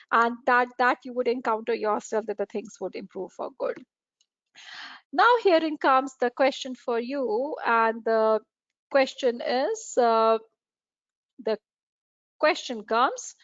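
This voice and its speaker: A woman's voice: high voice, lively intonation, measured pace, no room sound, muffled recording. A woman giving an earnest webinar lecture to librarians, repeating phrases for emphasis and using many fillers. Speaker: webinar speaker on library services. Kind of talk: lecture over slides.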